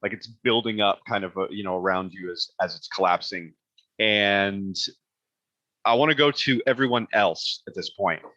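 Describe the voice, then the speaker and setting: A lower-pitched man with a bright, forceful tone narrates a tabletop game as its game master. He talks casually and halts often, with fillers and restarts. The sound is dry and a bit dull, like a lo-fi call recording. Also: normal speed, dry recording.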